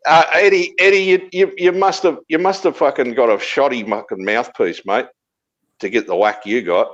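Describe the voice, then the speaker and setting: A man's voice: mid-range voice, normal speed, highs cut off. A man with an Australian accent talking casually on a livestream, profane and blustering, repeating his points. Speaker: livestream participant. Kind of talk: casual chat. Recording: loud background music.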